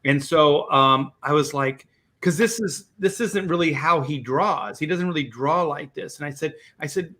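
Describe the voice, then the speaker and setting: A man, a comic inker, telling a quick, animated story in a casual panel chat. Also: fairly high pitch.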